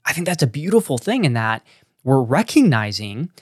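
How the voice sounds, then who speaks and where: A man's voice: medium pitch, sing-song, moderate pace, breathy edge, no room sound, studio quality. A man with a Texan accent, a pastor talking earnestly in a casual conversation, often restarting his sentences. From Texas. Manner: earnest, rambling with many restarts and fillers. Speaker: church planting pastor.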